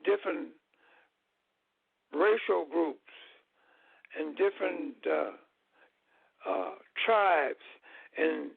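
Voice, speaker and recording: A man who is a guest on a call-in show, explaining his views slowly and deliberately, with many halting pauses. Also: a little high, vocal fry, husky, dry recording. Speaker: guest speaker. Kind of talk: lecture-style talk on a call-in show. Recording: tinny, dry phone line.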